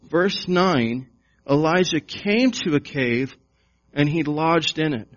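A male pastor delivers a sermon at an unhurried, deliberate pace, driving his points home with repeated questions. His voice sits a little high for a man. The recording is dull and lo-fi. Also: lively intonation, a bit bright. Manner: slow, emphatic preaching with repeated questions. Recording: dull lo-fi sound.

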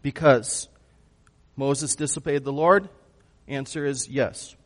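A man preaching a sermon, who swings from hushed lines to loud bursts and puts questions to his congregation. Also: medium pitch, steady tone, takes it slowly. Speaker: pastor.

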